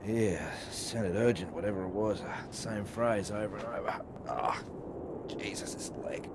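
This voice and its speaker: An actor playing a blunt, hard-drinking, injured male pilot, talking in a gruff, swearing way. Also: on the low side, moderate pace. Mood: weary, grim. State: injured and weary. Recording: loud vehicle and wind noise.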